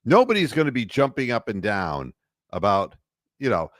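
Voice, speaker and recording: A man hosts a casual sports talk show, his pitch leaping around as he mocks what he saw. The sound is dry and close to the mic. He laughs as he talks and slips into jokey voices. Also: normal speed, no echo. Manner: animated, mocking, laughs while talking; puts on announcer and referee voices. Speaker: sports talk radio host.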